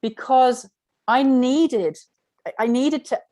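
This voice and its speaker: A middle-aged spiritual workshop teacher recounts a personal story to her online class, frank and rambling, peppered with "like." She speaks slowly in a high, mellow voice, and the recording is dry.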